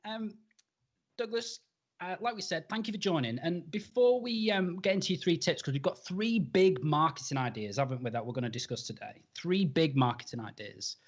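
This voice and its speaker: A man's voice: fairly high pitch, expressive, moderate pace. Upbeat male host, muffled audio. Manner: upbeat, casual, many um fillers. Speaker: show host. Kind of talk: live-stream interview hosting. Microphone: video call. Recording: slightly dull live-stream audio.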